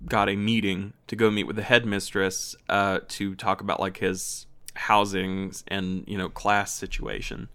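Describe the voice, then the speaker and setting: A man's voice: lowish voice, steady tone, normal speed, few pauses, fairly bright tone. A man co-hosting a podcast, casually recapping a story and reading excerpts aloud. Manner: rambling recap with fillers. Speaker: podcast co-host.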